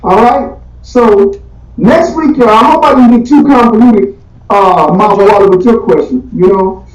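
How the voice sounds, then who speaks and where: High-voiced man teaching a Bible class. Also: a little slow. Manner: animated, slangy, rhetorical questions. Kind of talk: casual teaching Q&A. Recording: echoey, distant, dull room recording.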